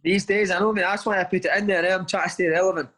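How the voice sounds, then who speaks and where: A man's voice: high voice, fairly even intonation, racing, bright, forceful tone, low-quality recording. A man, a footballer, chatting casually in an interview and telling long anecdotes, forever saying "mate". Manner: chatty storytelling, says "mate" constantly. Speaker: footballer guest.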